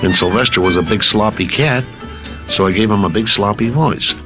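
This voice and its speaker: A man's voice: fairly low pitch, moderate pace. A man, a voice actor, telling anecdotes in an archival interview and demonstrating voices. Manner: storytelling, slips into character voices. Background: music.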